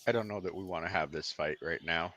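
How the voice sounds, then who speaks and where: A man's voice: deep voice, quick pace, pushed and bright, slight background noise. A man playing a tabletop game, casual and playful, asking questions and declaring his actions. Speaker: player.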